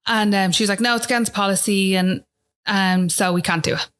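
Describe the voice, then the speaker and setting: A woman's voice: mid-range voice, fairly even intonation, a little fast, fairly bright tone, clear, resonant tone. A woman with an Irish accent, a podcast guest telling a personal story in a chatty way, often asking "do you know what I mean".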